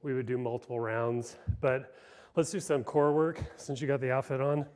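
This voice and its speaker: A man's voice: mid-range voice, fairly even intonation, moderate pace, a little mellow. A man coaching a partner workout on a live show, calling out moves, a little out of breath. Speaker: fitness trainer.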